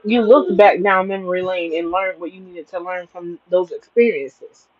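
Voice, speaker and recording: A woman's voice: lowish voice, fairly even intonation, normal speed, crowd noise. A woman tarot reader giving a spiritual livestream reading, talking in an emphatic, preachy, plain-spoken way, over dull lo-fi audio.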